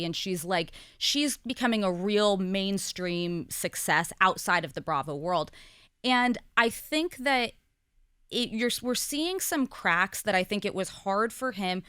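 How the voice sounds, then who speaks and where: A woman's voice: medium pitch, fairly bright tone, smooth, no echo, studio quality. A woman in her thirties, a talk show co-host speaking candidly in a casual podcast conversation, with frequent fillers. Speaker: co-host and guest.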